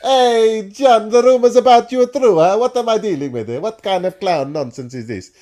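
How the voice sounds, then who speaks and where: A man voicing a pushy male Italian football negotiator in a put-on Italian accent, haggling loudly. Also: high-pitched, animated, moderate pace, pitched above the performer's own voice. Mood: wheedling. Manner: loud, wheedling haggling.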